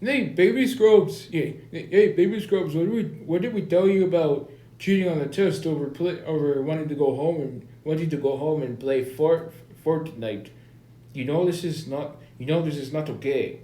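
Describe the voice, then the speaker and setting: A man voicing a scolding male school principal in a put-on Indian accent, halting and raised. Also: a little high, mellow, lightly acted. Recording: echoey room.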